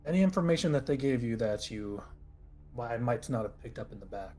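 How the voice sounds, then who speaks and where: An aloof knight in polished gold armor gives short, condescending orders, played by a man. His voice sits at an ordinary middle pitch. Soft music plays underneath. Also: lively intonation, brisk, close to an everyday voice. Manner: curt, condescending. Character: cold, commanding male knight in golden armor.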